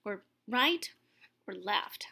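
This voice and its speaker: A woman's voice: medium pitch, lively intonation, drawn-out words, creaky, sharp tone, pitched below the performer's own voice, exaggerated voice. A woman reading aloud and voicing a young, eager, absent-minded male bunny. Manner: eager, questioning.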